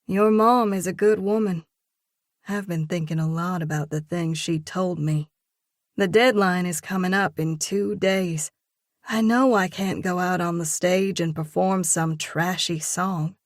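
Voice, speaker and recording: A woman narrating a first-person audiobook in a steady, measured reading voice. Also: on the low side, no echo, studio quality.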